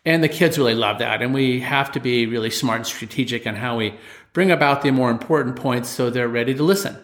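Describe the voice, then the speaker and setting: A man who teaches martial arts, telling a story from his classes in an animated way and acting out the voices in it. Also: medium pitch, brisk. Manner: animated storyteller, acts out voices of children and parents. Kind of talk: storytelling talk.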